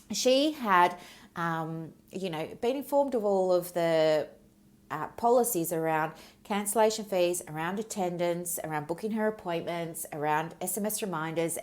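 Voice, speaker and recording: A middle-aged woman hosting a solo podcast, telling a story from her practice in a candid, chatty way and drifting onto tangents. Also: fairly low pitch. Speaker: podcast host and business mentor.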